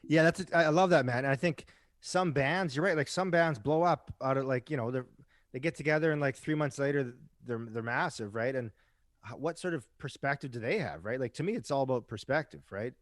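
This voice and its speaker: This man talks fairly quickly in a mid-range voice, in clean studio sound without room noise. A rock musician guesting on a podcast, he chats casually through stories, often tagging them with "right?" and sometimes swearing.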